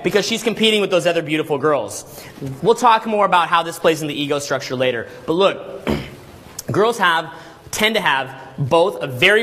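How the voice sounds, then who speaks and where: A man telling a story to a class as a dating coach, animated and constantly checking in with "right?" and "okay?". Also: fairly high pitch, a little hiss or hum. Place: Los Angeles.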